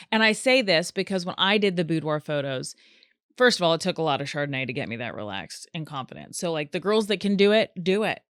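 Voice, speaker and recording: A woman hosting a solo comedic podcast, talking in an animated, chatty way and acting out quoted voices. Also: sits low, fast talker, clear, resonant tone, dry recording, studio quality. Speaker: podcast host.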